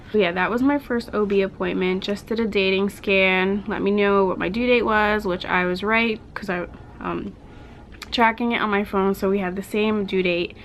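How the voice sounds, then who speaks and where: A woman's voice: medium pitch, poor audio. A young woman chatting casually in a home vlog, rambling with lots of "like", a little out of breath. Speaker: vlogger. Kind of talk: casual pregnancy update vlog. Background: washing machine hum.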